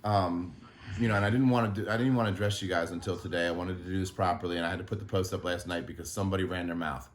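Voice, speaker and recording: A man who runs an animal sanctuary, speaking in an emotional vlog monologue, halting and frustrated, often swearing. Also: low-pitched, steady tone.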